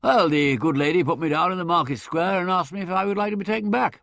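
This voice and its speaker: A man voicing a brash, hearty young Englishman in an audiobook, chatty and blustering, with loud laughs. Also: high-pitched, fast, gravelly, no room sound, clean studio sound, pitched above the performer's own voice. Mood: grumbling. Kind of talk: audiobook character voice.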